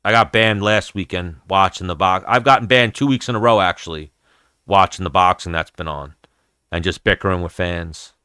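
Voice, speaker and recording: A man's voice: deep voice, normal speed, pushed and bright, smooth, dry recording, clean studio sound. A man hosting a casual fight-talk livestream, rambling and swearing freely as he chats with viewers. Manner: rambling, profane, chatty. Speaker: host of an MMA livestream.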